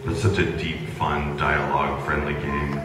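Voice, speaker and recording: A man's voice: extremely low pitch, unhurried, music in the background. A man, a voice actor, chatting casually and jokingly on a convention panel, with plenty of fillers. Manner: relaxed and joking, with many fillers. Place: large convention panel hall with an audience. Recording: echoey hall taped from far off, noisy.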